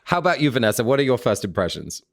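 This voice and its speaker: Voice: mid-range voice, sing-song, rapid-fire. Giggly, enthusiastic podcast guest. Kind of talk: casual chat.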